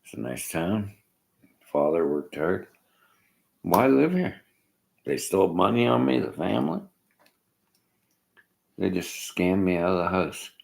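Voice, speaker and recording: A man holds forth on politics in a very deep, gravelly voice. He rambles and jabs bluntly at whoever disagrees with him. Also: expressive, measured pace, long pauses, low-quality recording. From Canada. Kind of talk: political rant to viewers.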